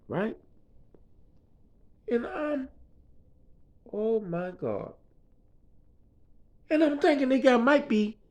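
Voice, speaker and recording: Speaking from a hospital room, this man is a vlogger recounting his own stay in a loose, rambling way, talking as a patient and repeatedly checking "you know what I mean." He has a high, slightly bright voice. The audio is dull and lo-fi.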